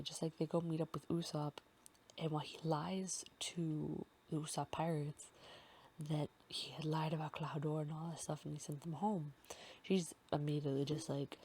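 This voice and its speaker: A woman hosting a casual fanfic recap, rambling with many fillers and often slipping into a soft half-whisper. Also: deep voice, a little hiss or hum. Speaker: podcast host recapping a fanfic.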